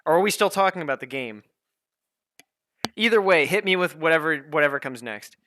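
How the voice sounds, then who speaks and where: With an expressive voice at a fairly quick clip, a man streams a game while casually talking to his chat. Swearing heavily, he grows exasperated and breaks into high-pitched shouting rants, over slight background noise.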